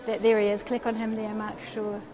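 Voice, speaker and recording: A little fast and monotone, her medium-pitched voice carries a casual live-stream chat as she replies to viewers. She walks outdoors before climbing a stone stairwell, phone in hand, with noisy street and stairwell sound around her.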